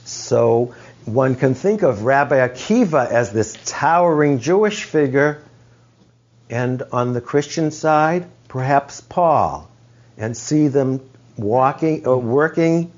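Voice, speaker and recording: A man's voice: medium pitch, expressive, slow, a little mellow. A man teaching a study group, explaining ideas in a reflective way and sometimes searching for his words. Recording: dull lo-fi recording.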